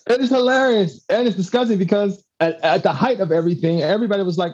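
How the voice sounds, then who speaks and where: Man, podcast host, playful, letter reading, slightly high, dull lo-fi sound. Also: fast, few pauses, a little mellow. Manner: playful, reads listener letters aloud. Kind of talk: casual podcast chat.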